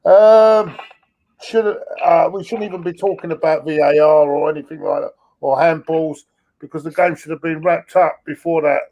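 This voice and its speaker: A man dials into a fan stream over a weak connection. He is sarcastic and sure of his views. His voice sits a touch high. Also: steady tone, normal speed, vocal fry, lo-fi sound. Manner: sarcastic, firm opinions. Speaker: guest pundit. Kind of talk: casual football fan chat. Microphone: video call over weak internet.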